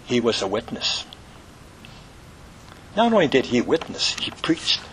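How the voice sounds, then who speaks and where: A man's voice: medium pitch, big pitch swings, measured pace, fairly bright tone, a little hiss or hum, poor audio. A man preaching an earnest, fervent sermon that ends in prayer.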